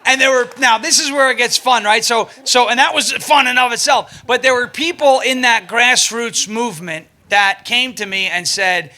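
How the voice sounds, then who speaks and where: A man telling a comic story to a live crowd, animated and excitable, often laughing as he talks. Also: very high voice, moderate pace, few pauses. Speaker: comedic speaker.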